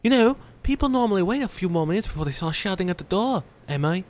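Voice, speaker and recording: A man's voice: expressive, fast, darkish tone. A man voicing a prim middle-aged mother in an exaggerated put-on British accent. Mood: scolding. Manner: mock-posh, raised pitch.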